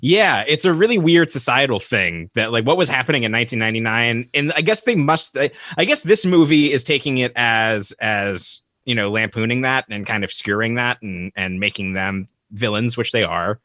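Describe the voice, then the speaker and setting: A man with a mid-range voice and a lively pitch muses aloud, restarting his thoughts as he goes. The sound is dry and close, with no room echo. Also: normal speed, few pauses. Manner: musing and thinking aloud, with restarts. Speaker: podcast co-host. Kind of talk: casual movie discussion.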